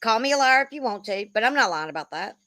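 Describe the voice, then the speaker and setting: A woman in her fifties rants in a loose, rambling way, swearing freely and tossing in "bro." Her voice is bright and forceful, sitting a little high for a woman, and the recording is close and dry. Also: expressive, quick pace, no room sound. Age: 50s. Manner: blunt, profane, rambling, says "bro" a lot. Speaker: commentary creator. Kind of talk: casual commentary rant.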